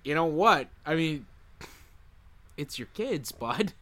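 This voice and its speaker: A man's voice: on the high side, animated, takes it slowly, a bit bright. A man co-hosting a casual podcast, cracking wry jokes and slipping into goofy voices. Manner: wry, jokey, bursts into goofy put-on voices. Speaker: podcast co-host. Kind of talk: casual chat, joking banter.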